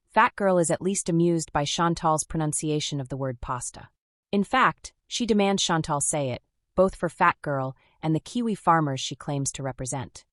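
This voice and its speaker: A woman with a low voice narrates a scripted commentary, measured and wry in delivery. The sound is close and dry, with no room around it. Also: no room sound.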